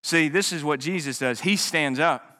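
A man preaching a sermon with passion, swinging from loud rises to hushed, quiet drops. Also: on the high side, moderate pace. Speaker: pastor.

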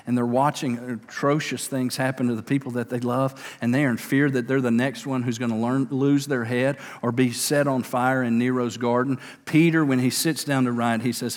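Lively preacher in a reverberant hall. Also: male voice, a little high. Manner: energetic, conversational preaching with quick asides and stammered restarts. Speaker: pastor. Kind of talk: sermon.

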